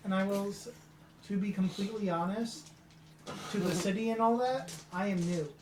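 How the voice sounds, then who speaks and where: A woman's voice: medium pitch, normal speed. A woman speaking as her character in a tabletop game, earnest and formal in tone. The room around her is echoey, with a faint hiss of noise. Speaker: player.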